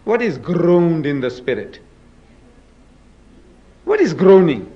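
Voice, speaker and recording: Male debater, higher register, emphatic and theatrical, muffled lo-fi tape. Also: big pitch swings, slow pace. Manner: emphatic, rhetorical questions to the audience; dramatic, acts out scripture quotes. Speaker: speaker in a religious debate. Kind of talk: public debate lecture.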